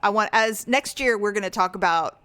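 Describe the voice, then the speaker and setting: A woman's voice: mid-range voice, brisk, no echo. A middle-aged woman co-hosting a podcast, chatting casually and acting out quotes with a raised voice. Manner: animated storyteller, acts out quotes in raised voice. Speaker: podcast co-host. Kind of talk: casual chat.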